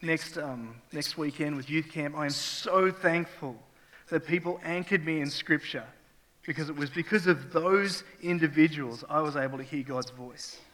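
At a normal speed, a middle-aged pastor preaches from a church stage, his slightly high voice building from quiet reflection into raw, emotional testimony. The hall gives everything a long, spacious echo.

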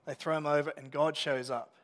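A man's voice: on the high side, fairly even intonation, a little fast. A man preaching a sermon as a pastor, talking it through conversationally with restarts and asides. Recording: long reverb of a hall.

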